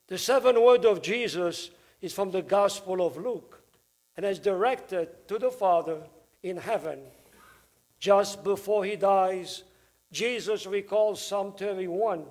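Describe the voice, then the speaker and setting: A male priest delivers a Good Friday homily in a church. His voice sits high and he moves at an unhurried pace. He speaks with emphatic stress, leaning on key words.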